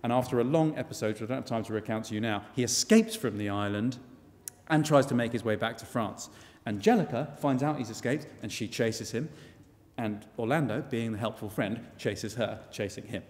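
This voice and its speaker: A man tells a tale live with wry, chatty asides, his voice sitting at a middle pitch. It rings with a long reverb in a church. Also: brisk, darkish tone. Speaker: storyteller. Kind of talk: live comic storytelling.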